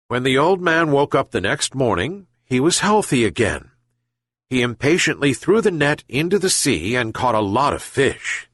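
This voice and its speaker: A man narrating a children's fable slowly and expressively. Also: medium pitch, husky, no echo, studio quality. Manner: slow and expressive. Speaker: storyteller. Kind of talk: storybook narration.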